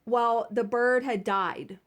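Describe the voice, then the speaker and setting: A woman's voice: on the high side, steady tone, slow pace. A woman vlogging casually while she cross stitches at home, telling stories and laughing at herself. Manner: chatty storytelling, laughing at herself.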